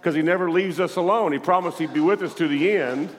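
A man's voice: on the high side, quick pace. Man preaching in an echoey hall. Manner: lively, calls out to the congregation. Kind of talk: sermon. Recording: echoey hall with long reverb.

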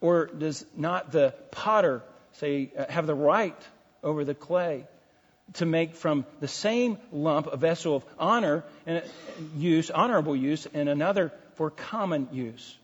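High-voiced husky guy preaching, keeps restarting, dull lo-fi church recording. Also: a little slow. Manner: preaching with emphatic rises and many restarts. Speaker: pastor. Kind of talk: expository sermon. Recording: dull lo-fi recording in a reverberant hall.

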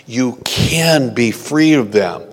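A man preaching a sermon as pastor, praying and teaching in a slow, deliberate way. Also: mid-range voice, animated, big-room sound.

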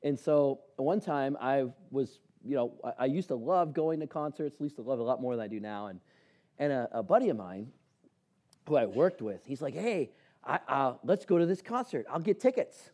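A man's voice: medium pitch, normal speed. A man preaching a sermon, telling personal stories and acting out the dialogue in them. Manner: animated storyteller acting out dialogue. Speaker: pastor.

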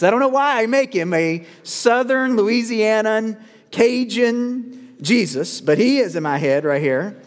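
A male pastor preaching a sermon, measured with dramatic pauses, building to urgent calls. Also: high-pitched, lively intonation. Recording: long reverb of a church hall.

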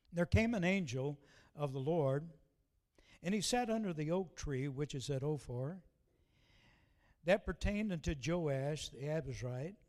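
A man preaching a folksy sermon, slowing down to read scripture aloud. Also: on the high side, darkish tone.

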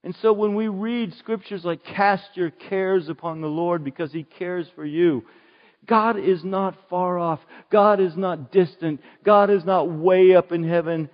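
A middle-aged man preaching a sermon as a pastor, telling a personal story earnestly and moving between emphatic outbursts and soft, prayerful tones. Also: high voice, measured pace. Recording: dull sound with long hall reverb.

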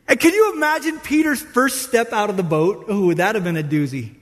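High-voiced pastor preaching in a reverberant hall. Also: male voice, fast, few pauses. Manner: animated storytelling, acts out disciples' voices. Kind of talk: sermon.

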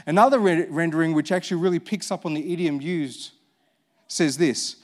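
Animated, high-pitched male preacher. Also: moderate pace. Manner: animated, emphatic, repeats phrases for effect, drops low for scripture; reads scripture aloud. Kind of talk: sermon.

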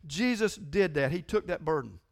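High-voiced preacher man. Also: expressive, normal speed, creaky. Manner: conversational, emphatic preaching with frequent repetition. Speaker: pastor. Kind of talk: sermon.

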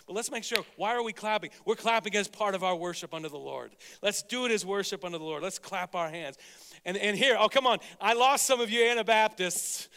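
High-voiced pastor preaching in a big hall. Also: male voice. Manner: energetic, exhorting, swings from loud to hushed. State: getting over a cold. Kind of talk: sermon. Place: church sanctuary.

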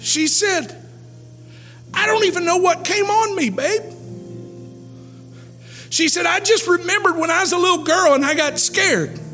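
Male Pentecostal preacher, very high voice, shouts and sings his peaks, long hall reverb, faint music. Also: unhurried, pauses often. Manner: shouts and half-sings climactic lines, drops low for stories. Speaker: pastor. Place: church camp meeting hall.

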